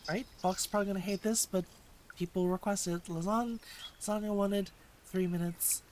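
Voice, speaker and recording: A woman's voice: mid-range voice, steady tone, a little fast, darkish tone, slight background noise. A woman streamer chatting casually with her chat while teaching Japanese, answering questions in a playful way.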